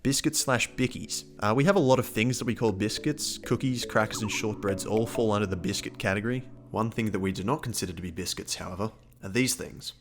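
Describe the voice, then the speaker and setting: Wry, swearing Australian bloke, lowish voice. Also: male voice, brisk, few pauses. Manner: wry, swears freely, blunt jokes. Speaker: vlogger. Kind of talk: casual scripted explainer.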